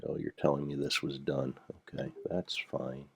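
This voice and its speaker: An older man with a gravelly voice, rambling through casual gameplay commentary with dry dad jokes. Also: extremely low pitch, little pitch movement, normal speed. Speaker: Minecraft let's player.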